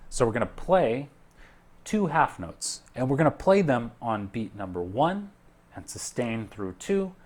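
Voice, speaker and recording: A man teaching a recorded music lesson, counting beats aloud in a relaxed way with frequent fillers, while a keyboard plays along. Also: mid-range voice. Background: keyboard and clapping.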